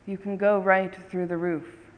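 A wise older rabbi, patient and unhurried, gently guiding with quiet questions, as a storyteller puts him on. The voice sits at a middling pitch and rings out with a long hall echo, spoken slowly. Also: flat delivery, highs cut off, close to an everyday voice. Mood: calm.

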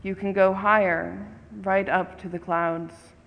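A wise older rabbi, patient and unhurried, gently guiding with quiet questions, as a storyteller puts him on. The voice sits at a middling pitch and rings out with a long hall echo, spoken slowly. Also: little pitch movement, vocal fry, highs cut off. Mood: calm.

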